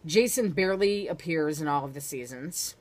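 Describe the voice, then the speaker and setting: A woman's voice: sits low, lively intonation, normal speed. A young woman co-hosting a vlog in casual chat, blunt and sarcastic. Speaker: vlog co-host.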